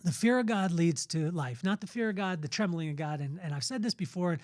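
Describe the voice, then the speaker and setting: Male podcast host, middle-aged, earnest and preachy, telling stories off the cuff, bit of a higher voice. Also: expressive, a little fast, darkish tone, dry recording, clean studio sound. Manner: earnest, preachy, spontaneous storytelling. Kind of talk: motivational faith talk.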